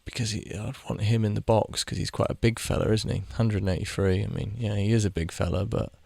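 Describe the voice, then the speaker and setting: A man's voice: lowish voice, fairly even intonation, a little fast, gravelly, a little mellow, no room sound. A young man giving rambling, casual commentary while playing a game, swearing freely and chatting to the players on screen. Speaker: gaming video creator.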